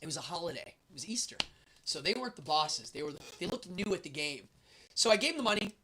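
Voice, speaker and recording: A man hosting a show, telling a travel story in a lively, animated way and acting out the voices of the people in it. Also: fairly high pitch, fast talker, background noise. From United States. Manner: lively storyteller, acts out the guards' and his own lines. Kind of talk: animated anecdote.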